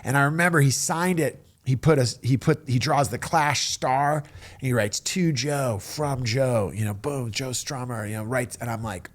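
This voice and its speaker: A middle-aged man telling a personal story in a casual, animated way, acting out the people in it. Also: mid-range voice, moderate pace. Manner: animated, acts out quoted voices.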